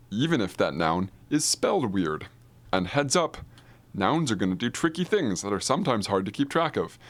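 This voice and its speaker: A man's voice: lowish voice, no room sound. A man teaching Greek grammar in a recorded video lecture, explaining casually with many ums and restarts. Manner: casual, filler-heavy explaining with frequent restarts. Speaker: Greek professor.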